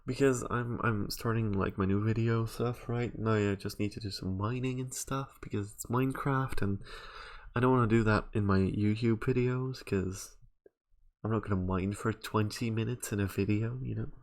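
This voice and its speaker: A man's voice: on the low side, steady tone, moderate pace. A young man chatting casually while streaming a game, rambling and thinking aloud with lots of fillers.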